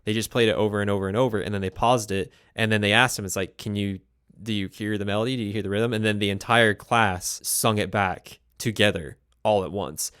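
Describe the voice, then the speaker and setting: A low-voiced man hosts the show and explains ideas in a loose, rambling way, stopping to correct himself mid-thought. The recording is close and dry, with no room sound. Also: steady tone, a little fast, fairly bright tone, smooth, dry recording. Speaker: host. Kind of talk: casual teaching chat.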